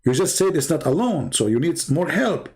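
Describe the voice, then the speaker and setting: Combative man, rather high voice. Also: big pitch swings, darkish tone. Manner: mocking, argumentative, rapid-fire rhetorical questions. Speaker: livestream debate host. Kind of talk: combative livestream commentary.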